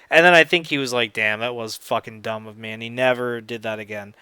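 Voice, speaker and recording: Man, 30s, gaming host; smooth, mid-pitched voice; loose, filler-heavy storytelling; dry close mic. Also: steady tone, a little fast, few pauses, bright, forceful tone, no room sound. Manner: rambling, filler-heavy storytelling with quoted dialogue. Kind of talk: casual storytelling while playing a game.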